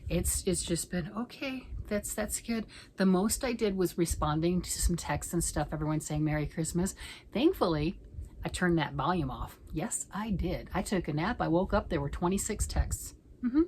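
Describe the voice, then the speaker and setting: A middle-aged woman vlogging at home about knitting, chatting in a rambling way and often sinking into a soft near-whisper. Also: fairly low pitch, moderate pace, a little hiss or hum, low-quality recording. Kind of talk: casual chat.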